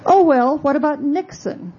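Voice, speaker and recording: A woman's voice: sits high, normal speed, mellow, dull audio, slight background noise, pitched above the performer's own voice, natural voice. A woman voicing a pushy older male president who keeps pressing with questions. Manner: insistent questioning.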